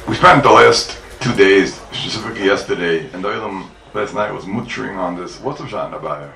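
Gravelly-voiced man teaching Talmud, echoey. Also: low-pitched, a little fast, sharp tone. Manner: emphatic, repeats key points, asks and answers his own questions. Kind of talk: Talmud lecture to a congregation. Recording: echoey room mic from far off, faint background noise.

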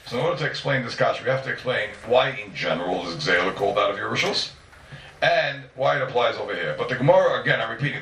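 A man teaches a Talmud class at a quick clip, pressing his points again and again and firing off rhetorical questions. His pitch swings widely as he talks. He is heard from a distance in an echoey room. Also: vocal fry, fairly bright tone. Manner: repeats and restates points emphatically; asks rhetorical questions and answers them.

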